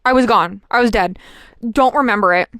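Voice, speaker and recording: A young woman chatting casually as she tells a personal story, with lots of fillers and an animated delivery. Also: a little high, normal speed, no echo, clean studio sound. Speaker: vlogger.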